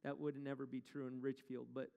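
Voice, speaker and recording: A man's voice: mid-range voice, monotone, fairly quick, creaky, dark tone, big-room sound, a little hiss or hum. A male pastor preaching a sermon in a conversational way, asking the congregation questions as he retells a story.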